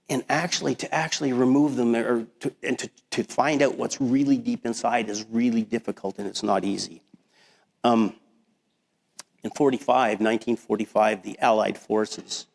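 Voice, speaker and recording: A man preaching a sermon as pastor, talking in a conversational, animated way with frequent restarts. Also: mid-range voice. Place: church sanctuary. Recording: long hall reverb.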